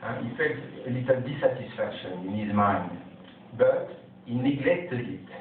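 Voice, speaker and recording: Brief: male religious teacher telling a story, halting delivery, recorded from far off in a very echoey room. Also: medium pitch, animated. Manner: halting, explains with many pauses and restarts. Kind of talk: scripture class storytelling. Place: temple meeting room. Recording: distant, very echoey, tinny, noisy.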